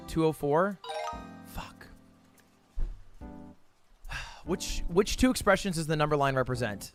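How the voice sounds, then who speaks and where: A young man streaming himself solving math drills, reading questions aloud fast, muttering counts and shouting in frustration. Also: fairly high pitch. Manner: frustrated outbursts, reads questions aloud fast, counts under his breath. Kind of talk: live-stream commentary while solving math problems.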